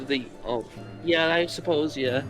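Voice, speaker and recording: A young man with a somewhat high voice plays his character in a tabletop game. He talks politely and unsurely, trailing in and out with uhs, over clear background music. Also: a little slow. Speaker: player. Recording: music playing behind the voice.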